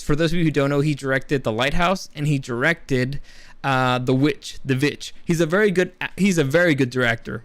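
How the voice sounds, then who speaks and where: A man's voice: a little high, a bit bright, clean tone, dry recording. A young man casually reviewing films, rambling and enthusiastic, with many restarts. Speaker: movie reviewer. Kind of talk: casual spoken film review.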